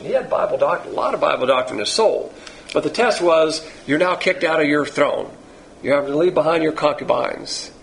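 Gravelly-voiced man teaching Bible. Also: mid-range voice, a little hiss or hum, poor audio. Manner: folksy, repetitive, digressive storytelling.

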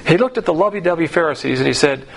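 A man's voice: fairly high pitch, animated, racing, gravelly, slight background noise. A man teaching the Bible in a sermon, emphatic and sarcastic as he mocks the views he quotes.

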